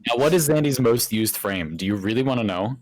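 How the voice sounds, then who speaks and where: A man's voice: medium pitch, animated, fairly quick, a little mellow. Joking man hosting a podcast. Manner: joking, teasing, reads chat questions in a dramatic mock voice. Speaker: podcast host. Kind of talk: casual podcast chat.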